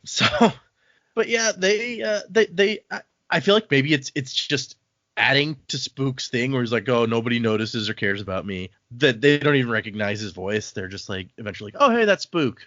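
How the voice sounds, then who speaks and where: A man's voice: medium pitch, animated, normal speed, a bit bright, no echo, dull audio. A man co-hosting a casual book podcast, retelling scenes and slipping into the characters' lines as he goes. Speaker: podcast co-host.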